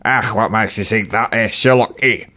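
A man's voice: on the low side, steady tone, normal speed, sharp tone, pitched above the performer's own voice. A man voicing an aggressive drunken Scottish tramp who barks insults. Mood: hostile. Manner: barking, hostile.

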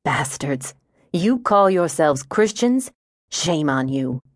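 A woman's voice: deep voice, big pitch swings, slow, no room sound, clean studio sound, full character voice. A woman voicing an outraged, prim middle-aged husband in clipped, indignant outbursts.

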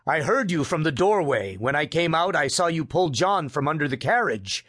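A man voicing a calm, firm older grandfather who runs an inn. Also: fairly high pitch, normal speed, no echo, clean studio sound. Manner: firm, commanding.

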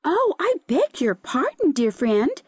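Storybook seaweed, chatty and teasing, pitched high and swinging up and down , played by a woman reader. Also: unhurried, no room sound, studio quality. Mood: apologetic. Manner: lively, high-pitched, lilting. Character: chatty, mocking seaweed, quick to laugh.

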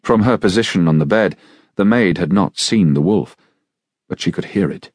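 Reading scripted narration from a novel, a man with a very deep, husky voice keeps a calm, even pace. He's recorded up close in a dry space with no echo.

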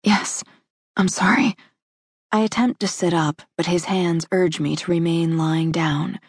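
A woman narrating a first-person romance audiobook in a measured, intimate reading. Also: lowish voice, darkish tone, husky, no room sound. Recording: dry close studio recording.

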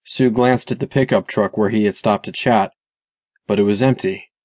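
A man narrating a dark thriller audiobook in a steady, measured read. His voice sits low, and the recording is dry and close with no room sound. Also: dry recording. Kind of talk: scripted narration.

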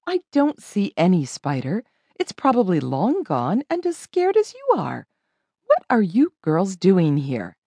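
A woman voicing a kindly, composed older woman who speaks gently and motherly. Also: medium pitch, huge pitch swings, unhurried, slightly rough, dry recording, heavily acted. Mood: calming.

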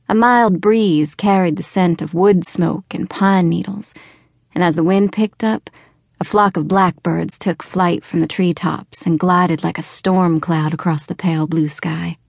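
A woman reads an audiobook aloud in a measured, steady first-person voice. Her tone sits low with a gravelly fry, and the sound is close and dry. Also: no room sound. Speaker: audiobook narrator. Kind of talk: scripted audiobook narration.

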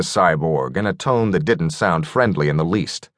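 A man reading an audiobook in expressive scripted narration. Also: very deep voice, normal speed, hardly any pauses, no echo, studio quality.

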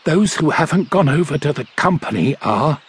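A man voicing a nervous young male truck driver on the run, who talks in an urgent, frightened way and shouts in an audiobook reading. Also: on the high side, animated, normal speed, husky, pitched above the performer's own voice.

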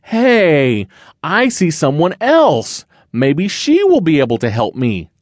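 For a children's audiobook, a man performs a lost bear cub, lifting his voice far above adult pitch and swinging through a lively, bouncy range. Earnest, plaintive, and breathy with effort, the cub sounds friendly and hopeful, speaking a little slowly in a dry, close read with no echo.

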